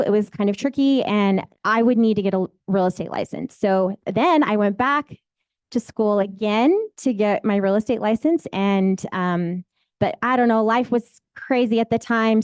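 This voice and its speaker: A woman's voice: medium pitch, clean tone, no echo. A woman, a real estate agent telling her own story in a candid, rambling, emotional way. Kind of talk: personal storytelling.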